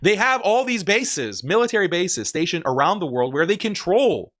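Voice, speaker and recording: Man, streamer reacting to clips, emphatic, argumentative, fairly high voice. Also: big pitch swings, moderate pace, a bit bright. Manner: emphatic, argumentative, laughs often. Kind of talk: casual reaction commentary.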